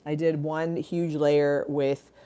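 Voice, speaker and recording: Woman livestream host on a phone, rambly and swearing, low mellow voice. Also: flat delivery, slow, smooth. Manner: rambling, swears casually, reads out comments. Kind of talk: casual livestream chat.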